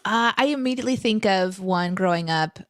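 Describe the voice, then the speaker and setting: A young adult woman chats animatedly while co-hosting a live stream from home. She reads viewer questions and tells stories with plenty of fillers, and her voice sits at a middle pitch. The sound is close and dry. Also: fairly quick, no echo. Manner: animated, chatty storytelling with fillers. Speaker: co-host. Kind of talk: casual live chat, reading viewer questions. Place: home room.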